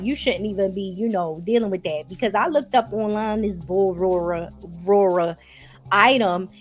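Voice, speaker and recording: A woman with a Baltimore accent, chatting casually to her viewers as she recaps a TV episode. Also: medium pitch. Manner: chatty, addresses viewers as y'all. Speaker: TV episode reviewer.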